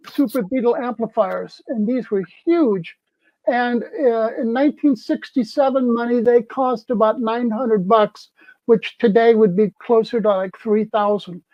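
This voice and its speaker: A man's voice: extremely high pitch, measured pace, no echo. A man in his seventies, a former festival crew member, tells a story casually and acts out the people he quotes. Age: 70s. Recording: dull, dry lo-fi sound.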